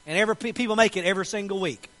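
A man preaching a sermon, his voice sitting unusually high. He talks with passion, dropping to quiet asides and then rising to shouted declarations. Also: rapid-fire, low-quality recording. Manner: impassioned, swinging from soft asides to shouted declarations. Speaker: pastor.

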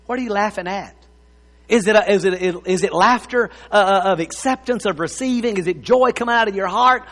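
High-voiced, slow preacher man. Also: a bit bright. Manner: folksy, playful preaching with laughter and asides. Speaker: pastor. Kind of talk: sermon. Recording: long hall reverb.

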